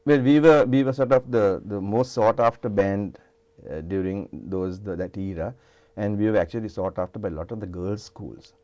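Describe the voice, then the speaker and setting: An older man with a Sri Lankan English accent recalls his past in a relaxed, rambling way, often restarting his sentences. His voice sits low and sounds mellow and warm. He talks as a guest in a television studio. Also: normal speed. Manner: rambling, animated anecdotes with many restarts. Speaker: interview guest, singer. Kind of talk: casual storytelling interview.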